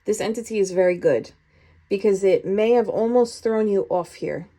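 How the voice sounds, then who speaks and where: A woman giving a casual tarot reading, chatty and expressive, with frequent laughs and swearing. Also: mid-range voice, normal speed. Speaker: tarot reader.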